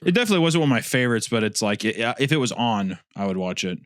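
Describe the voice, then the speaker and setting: Brief: young male co-host, very animated pitch, crude rambling chat, dry close mic. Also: racing, no echo. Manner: lively, swearing, trails off and restarts. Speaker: podcast co-host. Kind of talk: casual crude podcast chat.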